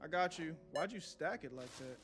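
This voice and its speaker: A young man live-streams a game, swearing and nervously chatting to his viewers as he plays. His voice sits on the high side, expressive and at a normal speed, with music underneath.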